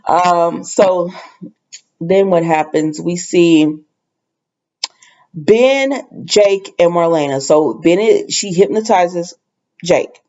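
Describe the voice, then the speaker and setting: A woman's voice: on the low side, very slow, pauses often, a little mellow, dull audio. A woman casually recapping a soap opera episode, rambling with lots of fillers and asides.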